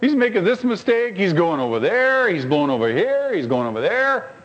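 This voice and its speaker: Animated high-voiced male preacher. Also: normal speed, lo-fi sound. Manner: animated storytelling, rhetorical questions to the congregation; swings between high emphatic lines and low quiet asides. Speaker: pastor. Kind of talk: sermon.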